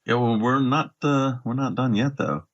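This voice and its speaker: A man's voice: mid-range voice, expressive, moderate pace, lo-fi sound. A man co-hosting a podcast, chatting casually about a game in an easygoing way, hedging with fillers. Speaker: podcast co-host.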